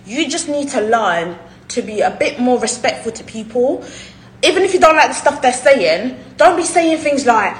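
A woman with a high voice that leaps all over the place tells her side of an argument with mounting indignation. She laughs, swears and mimics other people's lines. The recording is echoey, with faint noise behind her. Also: big pitch swings, normal speed. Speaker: podcast guest recounting a dispute. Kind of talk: animated ranting chat.

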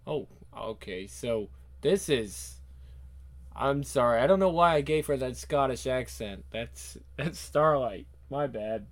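A man hosting a comic reading show, chatting casually in a relaxed, self-deprecating way. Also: medium pitch, slow pace. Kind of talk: casual chat.

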